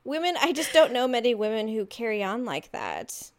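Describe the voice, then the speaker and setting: A woman in her thirties chatting casually as a podcast co-host, telling stories and acting out what people said. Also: normal speed. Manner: animated storyteller, acts out quotes with big pitch jumps. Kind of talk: casual chat.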